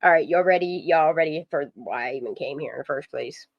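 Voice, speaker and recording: A woman hosting a casual live stream, chatty and excitable, rambling through long asides and talking to her dog. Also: sits low, a little fast, no echo, lo-fi sound. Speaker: livestream host.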